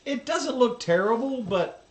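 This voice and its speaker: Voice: mid-range voice, lively intonation, measured pace, reverberant. A streamer giving sarcastic, worked-up reaction commentary on a cooking video, swearing often.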